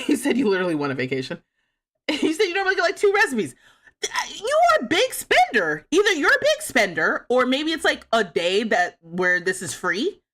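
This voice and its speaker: A bright, sharp-toned woman streams a cozy game and chats with her viewers. Her pitch jumps all over as she laughs, teases and rants in mock outrage at chat. She is a young adult, and her voice sits a touch high. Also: moderate pace. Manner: animated, laughing, playfully indignant, talks back to chat. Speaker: livestreamer playing a life sim game. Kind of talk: casual live game commentary, reading chat.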